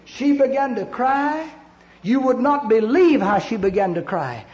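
High-voiced man preaching a fiery sermon. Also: expressive, unhurried, darkish tone. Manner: emphatic, storytelling, repetitive preaching cadence. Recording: echoey lo-fi church recording.

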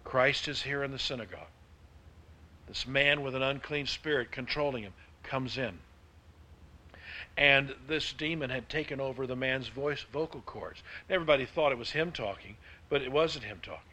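A man preaching a sermon, with emphatic delivery that swings between hushed and loud. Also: medium pitch, normal speed. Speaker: pastor.

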